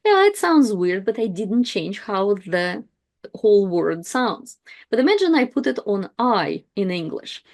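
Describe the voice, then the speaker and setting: A woman's voice: medium pitch, very animated, unhurried, a little mellow. A woman teaching an online language lesson, explaining step by step in a casual way with frequent fillers.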